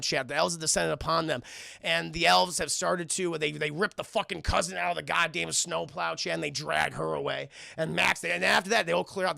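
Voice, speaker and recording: A man streaming a casual film recap, animated and profane, constantly addressing his chat. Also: on the high side, creaky, no room sound, studio quality.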